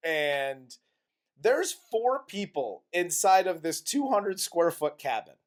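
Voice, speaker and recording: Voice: medium pitch, very animated, slow pace. A co-host of a comedy movie review podcast, retelling the plot in a crude, exasperated, laughing way.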